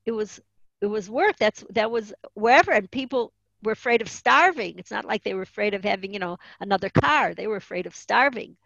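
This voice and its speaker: A woman teaching Jewish tradition in an earnest voice, explaining Hebrew terms as she tells stories. Her voice is at a medium pitch. The recording sounds dull and dry, with no room echo. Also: expressive, a little fast, gravelly, a bit bright. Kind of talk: religious lesson with storytelling.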